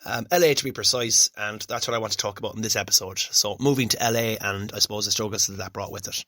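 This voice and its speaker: A man's voice: lowish voice, quick pace, sharp tone, no echo, studio quality. A young Irish man hosting a solo podcast, telling his own story in a chatty, reflective and self-deprecating way. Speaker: podcast host.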